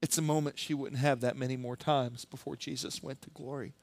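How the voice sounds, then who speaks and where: A male pastor preaching a sermon with animated, humorous storytelling. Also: medium pitch, fairly quick, no echo.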